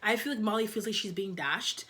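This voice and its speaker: A woman's voice: medium pitch, brisk, bright, forceful tone. Chatty young woman reviewing a show. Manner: chatty, loose, heavy on fillers like "like" and "you know". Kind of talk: casual episode review chat.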